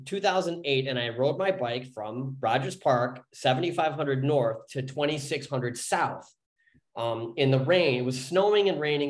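A man in his forties, a podcast guest, telling a personal story in a rambling way, often restarting his sentences and growing animated as he goes. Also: mid-range voice. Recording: echoey room.

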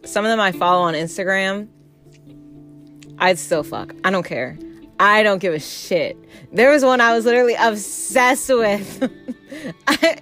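A woman's voice: medium pitch, a bit bright. A woman in her twenties from the Southern United States, telling candid stories straight to camera in a blunt, profane, casual way. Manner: acts out quoted customers and coworkers. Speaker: vlogger. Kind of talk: casual storytime monologue.

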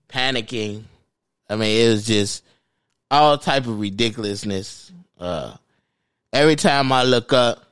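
A man's voice: medium pitch, fairly bright tone, clear, resonant tone, dry recording, clean studio sound. A man co-hosting a sports podcast, talking in casual, profane banter and mocking his co-hosts. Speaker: podcast co-host.

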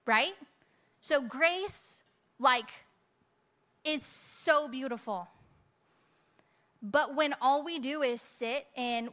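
A woman's voice: high-pitched, extremely slow, pauses often, sharp tone. A woman preaching a conversational, emphatic sermon to her church, full of rhetorical asides.

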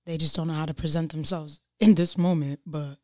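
A woman's voice: low-pitched, fairly even intonation, brisk, a little mellow, no room sound, studio quality. Blunt, passionate young woman. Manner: blunt, passionate, slangy, swears. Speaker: guest artist. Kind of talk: casual podcast chat.

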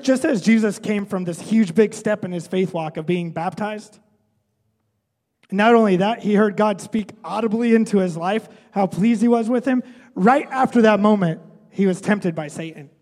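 High-voiced pastor preaching in a reverberant hall. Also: male voice, moderate pace, a little mellow. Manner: conversational, often adds "right?". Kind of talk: sermon.

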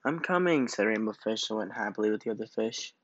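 A man reading a children's picture book aloud as storyteller, in a slow, gentle manner. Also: lowish voice, completely flat delivery, lo-fi sound, noisy background.

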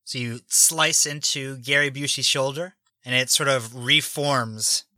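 A man runs a tabletop game and narrates the action plainly. His voice is very bright and forward, and it sits dry and close on the mic. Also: medium pitch, steady tone, measured pace, no echo. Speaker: game master.

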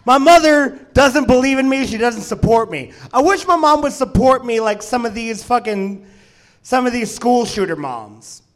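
A man's voice: very high voice, lively intonation, moderate pace. A man in his twenties doing a profane, self-deprecating stand-up set at a comedy club. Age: 20s.

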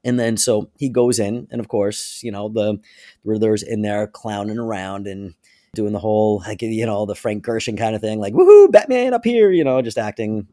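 A man co-hosts a casual podcast and eagerly retells a story. His voice sits on the low side and sounds dry and close to the mic. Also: normal speed, no echo. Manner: animated retelling with frequent laughs. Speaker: podcast co-host. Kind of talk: casual chat.

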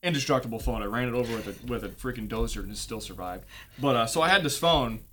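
A man's voice: mid-range voice, quick pace, a bit bright, a little hiss or hum. Young man, casual storyteller, profane and laid-back. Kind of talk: casual anecdote.

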